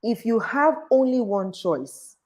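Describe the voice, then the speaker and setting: A woman's voice: fairly high pitch, expressive, slow pace, darkish tone. A woman hosting a live podcast interview, chatty and laughing often. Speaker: podcast host.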